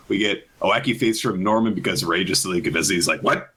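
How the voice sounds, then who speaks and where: A man's voice: normal speed, slightly rough, low-quality recording. A man co-hosting a casual podcast, recapping manga chapters and acting out characters' lines. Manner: animated, acts out characters' lines in high voices. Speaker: podcast co-host.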